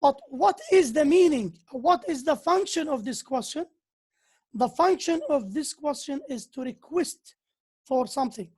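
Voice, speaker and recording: A woman's voice: sits high, lively intonation, measured pace, warm tone. A woman giving a university English lecture. She slips into to explain, and she acts out the example sentences with exaggerated intonation.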